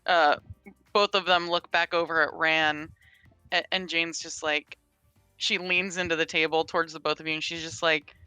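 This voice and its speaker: A woman casually narrating her character's moves in a tabletop game. Her voice is bright and sounds close and dry, with faint music underneath. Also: sits low, flat delivery, moderate pace, clear, resonant tone, dry recording. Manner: casual, filler-heavy. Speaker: player.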